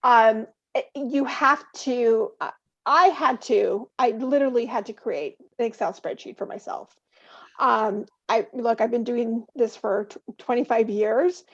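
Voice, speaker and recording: A woman panelist giving job-interview advice on a webinar, talking quickly and emphatically in a chatty way. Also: fairly high pitch, lo-fi sound.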